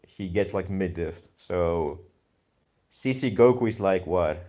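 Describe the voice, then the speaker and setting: A young Greek man with a Greek accent chats casually on a live stream, reading viewer comments and thinking aloud in a laid-back, slangy way. His voice is low and mellow, and he takes his time.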